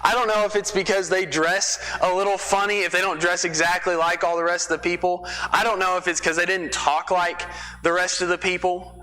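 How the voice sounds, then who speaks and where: A man's voice: high-pitched, flat delivery, brisk, sharp tone, soft background music. A man from Texas preaching a sermon in a church, telling the story in a conversational way with folksy asides. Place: church sanctuary. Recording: long reverb of a church hall.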